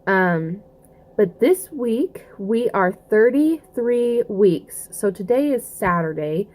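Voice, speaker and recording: A young woman with a soft Southern accent talks straight to her camera in a loose, rambling way. She circles back on her thoughts, filling pauses with ums and likes. Her voice sits at an ordinary middle pitch. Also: expressive. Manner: chatty, rambling, many fillers and restarts. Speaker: vlogger. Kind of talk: casual pregnancy update vlog.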